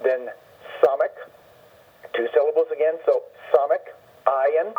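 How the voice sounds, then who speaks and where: A man on a radio phone-in patiently explaining the Hebrew alphabet, slowly repeating and spelling out each letter. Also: a little high, husky. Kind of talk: patient spoken lesson on a radio call. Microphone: telephone. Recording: dull lo-fi phone line with faint music.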